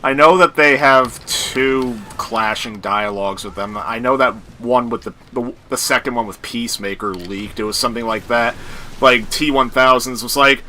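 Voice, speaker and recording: A man's voice: medium pitch, normal speed, sharp tone, a little hiss or hum. A man hosting a gaming session with friends, chatty and rambling about movie trivia. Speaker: channel host and gamer. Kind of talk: casual gaming voice chat.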